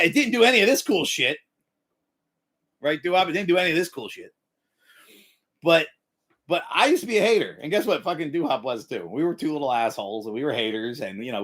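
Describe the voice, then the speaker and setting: A middle-aged man hosting a livestream, giving profane, animated life advice and breaking into yelled impressions. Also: fairly high pitch. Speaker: livestream host. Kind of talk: profane motivational rant.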